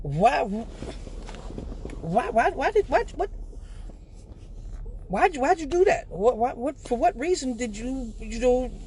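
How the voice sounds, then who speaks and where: Man putting on a high, stammering, incredulous pal. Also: big pitch swings, takes it slowly, pauses often, darkish tone, a little hiss or hum, exaggerated voice. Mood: baffled. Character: bewildered stammering male friend.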